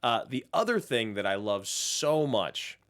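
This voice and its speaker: A man's voice: mid-range voice, sing-song, a little slow, a bit bright. A man co-hosting a casual film podcast, talking over a remote call and acting out movie lines in big voices.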